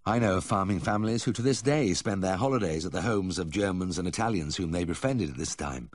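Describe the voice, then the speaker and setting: A man reads a first-person memoir in a measured, expressive storytelling manner. His low voice moves through a lively range of pitch. It is recorded close on a studio mic and sounds dry. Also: dry recording. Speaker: audiobook narrator. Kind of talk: scripted first-person narration.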